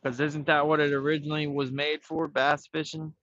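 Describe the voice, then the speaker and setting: Easygoing fishing-stream host, man, bright forward voice, outdoors on a phone mic, slightly dull sound. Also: fairly high pitch, level tone, brisk, no echo. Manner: laid-back, talks to himself while fishing. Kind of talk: casual rambling live chat.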